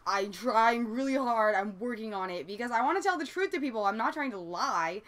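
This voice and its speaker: A woman's voice: a little high, expressive, fairly quick, a bit bright. Chatty Southern Californian young woman. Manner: chatty, rambling, frequent "like", swears casually. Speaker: vlogger. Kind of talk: casual confessional vlog.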